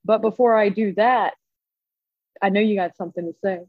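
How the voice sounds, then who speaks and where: A woman co-hosting a podcast, telling a story in casual chat, animated and swearing often. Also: medium pitch, normal speed, no room sound, phone-quality sound. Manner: animated, profane, frequent "like". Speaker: podcast co-host.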